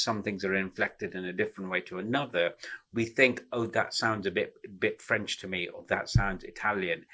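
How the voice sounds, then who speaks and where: Bright-voiced man lecturing. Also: on the low side. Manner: explains step by step with frequent fillers and restarts. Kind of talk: explanatory talk.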